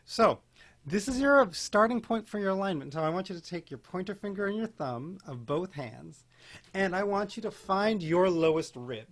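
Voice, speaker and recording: A man teaching an online beginning singing class, guiding breathing and posture and demonstrating vocal warm-ups in a playful, encouraging way. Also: high-pitched, animated, moderate pace. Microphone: home video call mic. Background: keyboard accompaniment.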